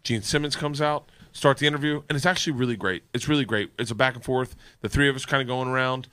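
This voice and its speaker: A man telling a story in a casual podcast chat, animated and profane, acting out the people in it. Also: medium pitch, fast talker, clean tone, no room sound.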